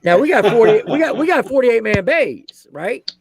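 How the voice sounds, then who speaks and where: A man's voice: very high-pitched, sing-song, moderate pace, vocal fry, slightly rough, no room sound. A man, an army veteran who served as a drill sergeant, telling a story on a podcast in casual slang and acting out the quotes.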